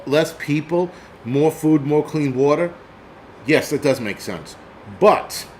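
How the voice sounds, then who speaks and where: On his own channel, a man rants angrily and swears through a casual vlog monologue. His voice sits on the high side, and the recording carries a little hiss or hum.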